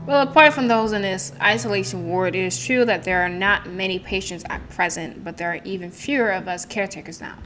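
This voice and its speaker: A woman's voice: medium pitch, brisk, few pauses, fairly bright tone, faint music behind, lightly acted. A woman reading a tired asylum caretaker. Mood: resigned. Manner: plain explanatory reading.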